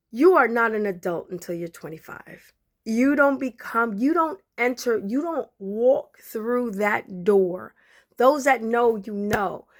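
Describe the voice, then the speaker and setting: A woman's voice: on the high side, a bit bright. Woman in her 40s talking to her followers, choked up and trying not to cry. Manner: emotional, near tears, fighting back crying; conversational, addresses listeners directly. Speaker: podcast host. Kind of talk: emotional personal talk to followers.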